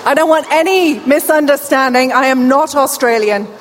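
A high-pitched British woman with a deaf accent gives a lively keynote to a crowd. Her voice carries a long hall reverb, with faint room noise underneath. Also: normal speed. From England. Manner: lively, crowd-rousing, warm asides to the audience. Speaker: keynote speaker. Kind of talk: conference keynote. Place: large hall.

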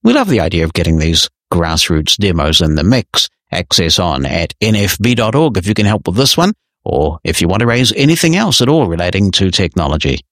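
A low-pitched, slightly bright male voice, very animated and a little fast, comes through in studio quality with no echo. He hosts a technology podcast and answers listener emails in a conversational, explanatory, lightly wry manner.

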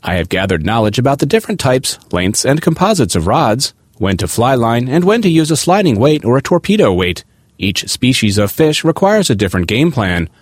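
A man reads a magazine article aloud, his pitch rising and falling with plenty of movement. His delivery is expressive and lively. The sound is dry and close, with no room around it. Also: brisk, no room sound. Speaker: article reader.

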